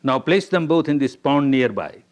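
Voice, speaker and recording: A man doing a calm wise teacher. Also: mid-range voice, moderate pace, close to an everyday voice. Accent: Indian English. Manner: plain, instructive. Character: calm wise old male teacher, patient.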